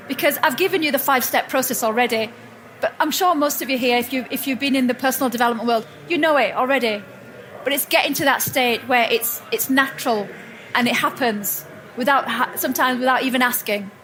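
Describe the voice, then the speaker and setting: Female motivational speaker, high register, chatty, keeps restarting her sentences. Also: slight background noise. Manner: warm storytelling, frequent restarts and self-corrections. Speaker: speaker at a personal growth expo. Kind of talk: motivational talk to a live audience. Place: event hall with audience.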